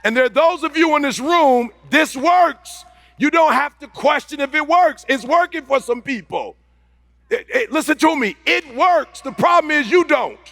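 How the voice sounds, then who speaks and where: A man giving a live motivational speech to an audience, talking fast in an impassioned, repetitive way and building up to shouting. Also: very high voice, animated, gravelly, dry recording. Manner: fast-talking, rushing phrases. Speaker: motivational speaker.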